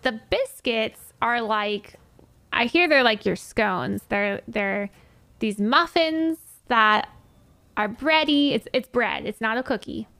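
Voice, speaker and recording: A woman's voice: a little high, expressive, slow pace, sharp tone, no echo. An American woman streaming a game, chatting casually and laughing often as she explains things with asides. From United States. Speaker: gaming streamer. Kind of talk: casual chat while playing a game.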